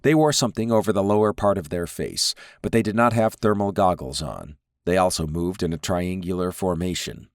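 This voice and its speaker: A male audiobook narrator with a very low, deep voice, reading a science fiction story in a measured, even manner. The recording is close and dry, with no room sound. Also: dry recording. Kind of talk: scripted narration.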